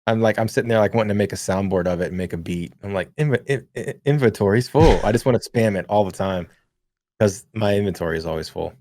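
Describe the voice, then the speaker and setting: A man co-hosting a casual gaming podcast, laid-back and quick to laugh, with lots of fillers, reading chat messages aloud. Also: deep voice, steady tone, warm tone, dry recording, clean studio sound. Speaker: podcast co-host.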